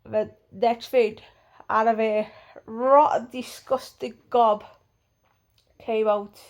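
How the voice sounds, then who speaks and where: A woman's voice: fairly high pitch, fairly even intonation, takes it slowly, a little mellow, muffled recording. A woman telling a storytime vlog bluntly, with plenty of swearing. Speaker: vlogger.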